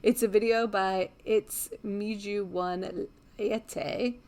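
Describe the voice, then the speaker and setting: A woman co-hosting a podcast in casual chat. She is upbeat and agreeable, and quick to chime in. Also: medium pitch, fairly even intonation, darkish tone. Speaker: podcast co-host.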